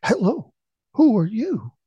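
A man's voice: medium pitch, fairly even intonation, unhurried, slightly rough, muffled recording. A man voicing a mountain echo that repeats a boy's and a father's words back in a told story. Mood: mimicking. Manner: loud, mimicking repetition.

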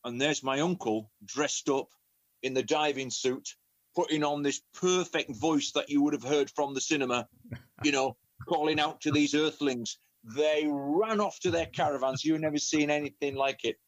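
A man who is a professional storyteller, telling a family story in an animated way, often repeating words. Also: on the high side, moderate pace, no echo, dull audio. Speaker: professional storyteller and children's author. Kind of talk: conversational storytelling.

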